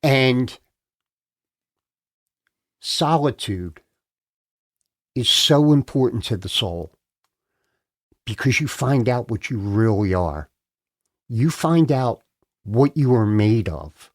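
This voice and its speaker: A man from Philadelphia talks slowly and deliberately as a podcast guest. He is earnest and heartfelt, and he leans hard on his main points. His voice sits at an ordinary middle pitch. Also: lively intonation. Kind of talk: casual interview chat. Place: podcast studio.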